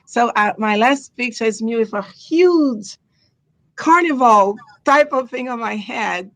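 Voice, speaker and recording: A woman's voice: a little high, animated, unhurried, a bit bright, dry recording. A woman from Brazil with a Brazilian Portuguese accent, a guest in a casual podcast chat, speaking earnestly in short emphatic statements.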